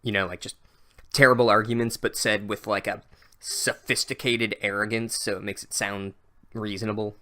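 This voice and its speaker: A man's voice: fairly low pitch, level tone, normal speed, bright, forceful tone. A man hosting a comedic book recap podcast, talking in a sarcastic, profane, rambling way. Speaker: podcast host.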